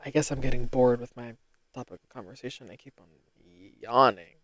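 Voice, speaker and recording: A young woman from Rhode Island hosting a casual solo podcast, rambling and self-deprecating with sudden bursts of excitement. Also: rumbling low, a little fast, dry recording. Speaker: podcast host.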